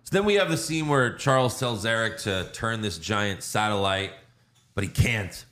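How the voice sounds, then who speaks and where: A man's voice: lowish voice, normal speed, fairly bright tone. A man hosting a casual movie review podcast, retelling scenes and acting out lines with plenty of swearing. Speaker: podcast host.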